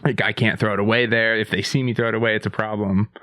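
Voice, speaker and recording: Low-voiced male host, quick playful banter, very dry studio sound. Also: level tone, sharp tone, no echo. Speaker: podcast host. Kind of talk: casual chat.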